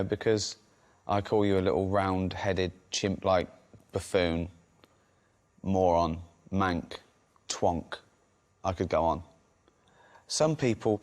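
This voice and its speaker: A man's voice: low voice, a little mellow. A man co-hosting a casual comic chat, mocking and teasing his guest.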